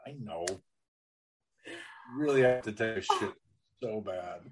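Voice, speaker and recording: A man's voice: lowish voice, slow pace, background noise. A man hosting a comedy podcast, joking crudely and bantering loosely. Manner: animated and joking, with a lively, swinging delivery. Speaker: podcast host.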